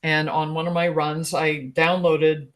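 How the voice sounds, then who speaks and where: A woman in her sixties, a guest relationship expert, telling a personal story in a chatty, animated way, laughing often. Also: deep voice, measured pace. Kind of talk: casual storytelling in an interview.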